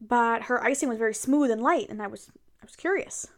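A young adult woman in a casual role-play monologue, chatting and venting to her partner in an animated way. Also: on the high side, brisk. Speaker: audio role-play performer.

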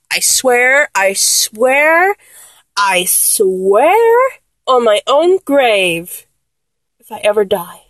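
A woman's voice: medium pitch, dry recording. A young woman performing a playful one-sided phone role-play, teasing and giggling as she talks to an unheard listener.

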